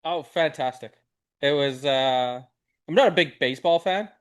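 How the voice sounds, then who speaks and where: Easygoing man, slightly high voice. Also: normal speed, clear, resonant tone. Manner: easygoing, explains with rhetorical "right?". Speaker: podcast co-host. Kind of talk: casual podcast chat. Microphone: video call.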